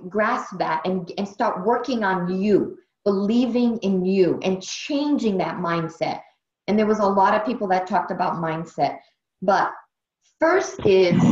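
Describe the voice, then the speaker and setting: A Brazilian woman with a mid-range, slightly mellow voice leads a motivational team training over a video call, sounding tired yet heartfelt. She is earnest and emotional, repeating phrases for emphasis, and the call audio is dull, muffled and roomy.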